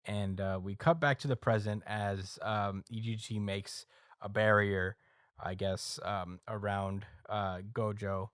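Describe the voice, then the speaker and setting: A man's voice: on the low side, fairly even intonation, slow pace, fairly bright tone, clean tone, no room sound, clean studio sound. A man co-hosting a podcast, casually recapping a story with plenty of ums and uhs. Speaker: podcast co-host. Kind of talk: casual chat, recapping a manga chapter.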